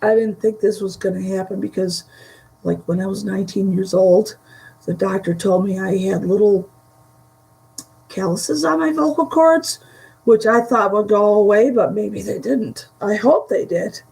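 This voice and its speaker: Slow gravelly lady showing off thrift finds, voice going a bit hoarse, lots of little laughs. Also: medium pitch, darkish tone, low-quality recording. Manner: chatty, giggly, trails off mid-sentence. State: voice starting to go, dry throat. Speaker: vintage reseller showing a haul. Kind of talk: casual chat to a live audience.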